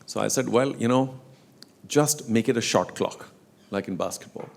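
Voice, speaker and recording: A man's voice: on the low side, normal speed, creaky. A middle-aged man, telling stories in casual talk on stage and acting out quotes and chants. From India. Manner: animated storyteller, acts out quotes and chants. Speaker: guest speaker on sports leagues.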